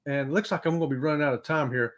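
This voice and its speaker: A middle-aged man runs a relaxed livestream chat. His voice sits a bit high for a man. He reads viewer comments in a folksy, upbeat way and often breaks into chuckles. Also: rapid-fire. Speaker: livestream host.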